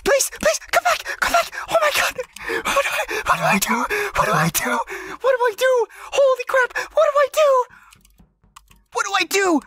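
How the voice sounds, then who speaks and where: A man's voice: very high-pitched, huge pitch swings, moderate pace, pushed and bright, no room sound. A man streaming a party game, panicking and begging his teammates, repeating himself over and over. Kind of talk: frantic live game chatter.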